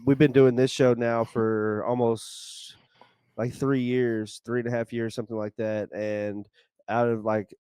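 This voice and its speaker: Co-host guy, smooth clear voice, laid back and rambly, says like a lot. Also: medium pitch, measured pace, no echo. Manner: relaxed, rambling with many "like"s. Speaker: podcast co-host. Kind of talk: casual podcast chat.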